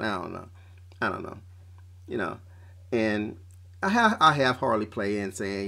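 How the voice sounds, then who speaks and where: A man's voice: mid-range voice, animated, normal speed, vocal fry, long pauses, fairly bright tone. A man in an unscripted podcast rant, talking in a mid-range voice. He is blunt and profane, leans on street slang, and keeps restarting his sentences. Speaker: podcast host. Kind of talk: off-the-cuff rant.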